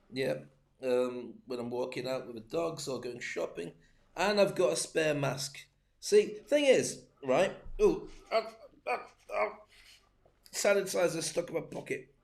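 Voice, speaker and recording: A man coaching on public speaking in a livestreamed talk, full of joking, rambling asides. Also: on the high side.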